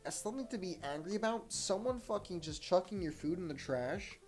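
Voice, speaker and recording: Young male podcast host, swears a lot while venting, soft music underneath. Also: high voice, expressive, brisk. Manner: heated, profane storytelling. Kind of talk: solo podcast rant.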